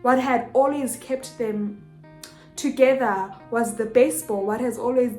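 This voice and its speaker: Woman, young adult, expressive storyteller, slightly high voice, echoey room. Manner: animated, expressive, acts out dialogue. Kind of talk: casual storytelling vlog. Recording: echoey room with faint music.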